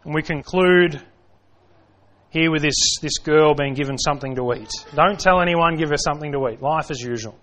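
A man's voice: fairly high pitch, moderate pace, a bit bright. Man preaching a dramatic sermon. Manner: dramatic preaching, rhetorical questions, acts out quoted voices. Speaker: pastor.

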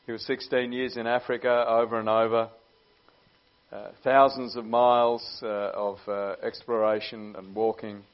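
A man preaching a sermon in an earnest way, often pausing with "uh" as he goes. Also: medium pitch, little pitch movement. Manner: earnest, with many "uh" pauses. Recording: dull lo-fi recording.

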